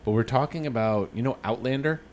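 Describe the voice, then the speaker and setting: A man co-hosting a podcast in casual, profane chat, sometimes breaking into loud cartoonish impressions. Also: medium pitch, brisk, a little hiss or hum. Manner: swears freely, jumps into loud cartoonish impressions. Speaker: podcast co-host.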